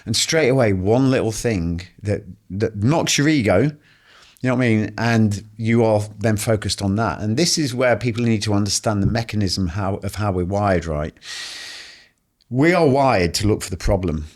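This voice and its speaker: A man, a podcast guest and author, telling animated anecdotes full of swearing and acted-out quotes. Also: lowish voice, moderate pace. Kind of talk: casual storytelling conversation.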